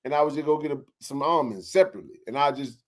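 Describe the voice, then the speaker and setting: A man hosting a casual sports talk show, joking and bantering in slangy, animated talk. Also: fairly high pitch, very fast.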